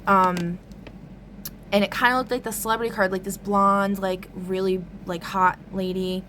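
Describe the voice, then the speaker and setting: A woman's voice: medium pitch, flat delivery, moderate pace, a bit bright, slight background noise. A woman talking through a strange dream in a loose, rambling vlog monologue, full of "like" and casual swearing. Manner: rambling, lots of "like", frequent swearing. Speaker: tarot reader recounting a dream.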